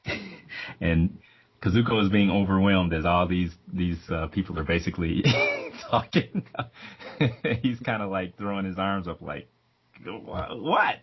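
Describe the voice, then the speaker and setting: A man's voice: low voice, normal speed, husky. A man playing a tabletop role-playing game, laughing often and hesitating with fillers. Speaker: player. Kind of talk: tabletop role-play, casual. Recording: dull, lo-fi sound.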